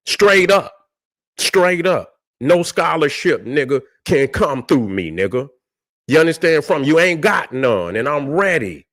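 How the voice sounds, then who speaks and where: A man's voice: a little high, big pitch swings, unhurried, a bit bright, no echo, clean studio sound. A man hosting a livestream, talking in a combative, profane, preaching style and repeating "you see what I'm saying". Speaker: livestream host.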